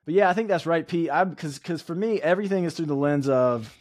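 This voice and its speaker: A man's voice: a little high, brisk, darkish tone, no room sound. A man co-hosting a podcast in casual chat, talking bluntly and frankly and swearing casually. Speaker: podcast co-host.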